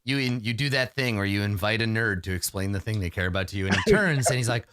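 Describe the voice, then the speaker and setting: A man narrating as game master in a rambling, animated storytelling way, full of fillers and restarts. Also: fairly low pitch, quick pace, dry recording.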